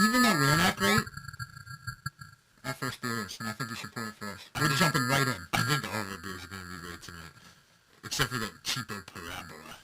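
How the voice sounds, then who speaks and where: A man's voice: mid-range voice, low-quality recording. A man co-hosting a casual beer podcast, joking and running himself down. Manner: jokey, self-deprecating banter. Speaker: podcast co-host.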